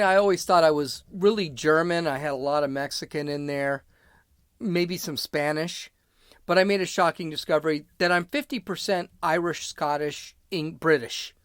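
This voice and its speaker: Solo podcast host from Chicago, USA: a middle-aged man with a high, slightly bright voice who rambles and shares blunt opinions, frequently breaking off mid-sentence. The recording is clean studio audio with no room sound.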